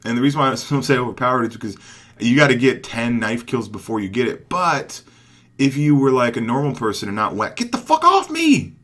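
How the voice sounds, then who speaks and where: A young man giving casual commentary over his own gameplay, excitable, dropping from mumbled asides to loud hype shouts. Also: medium pitch, brisk. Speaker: gaming commentator.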